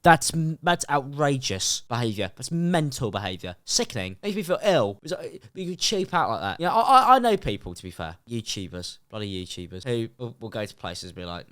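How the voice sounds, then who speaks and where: A man delivers reaction commentary at a fast clip. His sarcastic rants are exaggerated and mid-pitched. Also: big pitch swings, a bit bright. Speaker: YouTube commentator.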